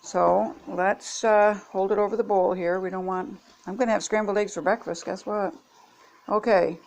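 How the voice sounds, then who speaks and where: An older woman chatting homily to viewers as she tests kitchen gadgets at home. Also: mid-range voice. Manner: chatty, homey, talks to viewers while demonstrating. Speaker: product-testing vlogger. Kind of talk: casual kitchen product demo.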